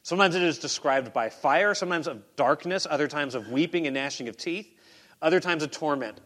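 Bright-voiced preaching man. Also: a little high, brisk. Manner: conversational preaching, swings between quiet asides and loud emphasis. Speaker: pastor. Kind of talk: sermon.

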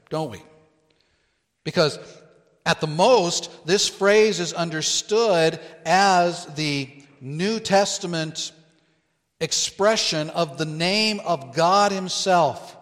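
A man preaching a sermon as pastor, teaching slowly and deliberately and stressing quoted phrases. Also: on the high side, a bit bright, long reverb tail.

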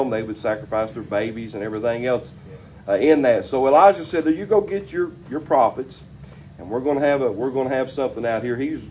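A man preaching a sermon in a church, his voice sitting at a middling pitch. He reads scripture and then breaks it down in plain, folksy talk. The recording is a little dull, with a faint hiss behind him. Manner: reads scripture aloud then explains it in plain colloquial speech. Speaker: pastor.

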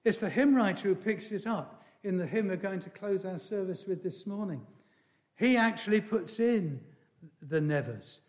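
A man preaching a sermon in a slow, emphatic way, repeating key phrases and swinging from loud declarations to hushed asides. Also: sits high, animated.

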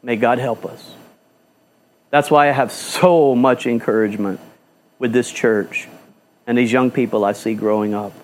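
A man's voice: mid-range voice, steady tone, unhurried, long pauses. A male pastor preaching a fiery sermon in a church, firing off rhetorical questions and repeating phrases for emphasis.

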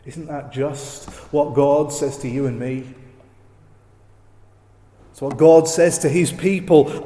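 Guy giving a sermon, bit high voice, roomy echo, hammers repeated phrases. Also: fairly even intonation, dark tone. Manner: slow, emphatic, with repeated phrases. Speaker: preacher.

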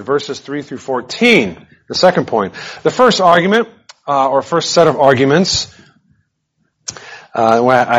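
Man, Bible teacher, verse-by-verse sermon, emphatic, conversational, medium pitch. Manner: animated, emphatic, conversational asides.

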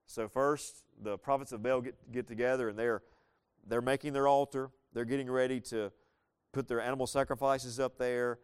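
A man with a smooth, medium-pitched voice and a steady tone preaches a sermon, explaining a Bible story conversationally with playful asides. He reads the scripture passages slowly.

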